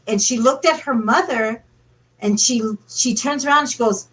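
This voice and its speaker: A woman's voice: on the high side, normal speed, a bit bright, low-quality recording. A woman from Minnesota telling a ghost story as a guest, rambling and full of "like" and "you know". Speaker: paranormal investigator guest. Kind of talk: casual storytelling.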